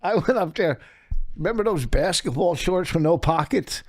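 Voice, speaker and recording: A man's voice: fairly high pitch, expressive, moderate pace, dry recording. Man telling comic stories with laughs. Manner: laughing through comic anecdotes. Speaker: guest comedian. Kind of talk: casual podcast chat.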